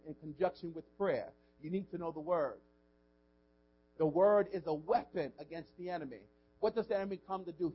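A pastor delivers a sermon in a high-pitched voice, swinging from loud emphasis to a hushed whisper. He keeps it informal, repeating words as he poses questions to the congregation, and the sound is lo-fi.

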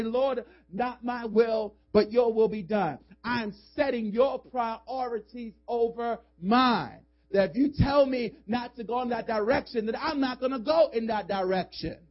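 A male pastor with a high voice preaches in a church, pressing his points with emphatic calls and casual, joking asides. The recording is dull and lo-fi. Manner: emphatic, call-and-response urging. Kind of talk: sermon. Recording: dull lo-fi sermon audio.

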